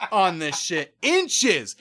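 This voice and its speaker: A man whose high voice swoops all over the place tells a casual story as a podcast guest, speaking extremely slowly. He is animated and profane, repeatedly acting out other people's voices and his own past remarks.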